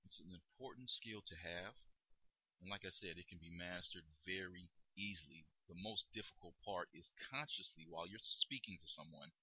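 A man's voice: sits low, moderate pace, bright, forceful tone, slightly rough, dry recording, poor audio. A man hosting a podcast, coaching listeners in an emphatic, instructive way. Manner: coaching, emphatic, demonstrates tones. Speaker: podcast host.

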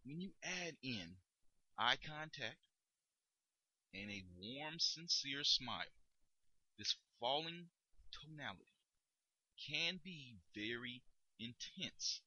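A man coaching listeners on tone of voice, explaining and demonstrating in a lively instructional monologue. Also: on the high side, slow pace, vocal fry, long pauses, husky, no room sound, low-quality recording. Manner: demonstrates tones, emphatic and lively delivery. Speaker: dating coach.

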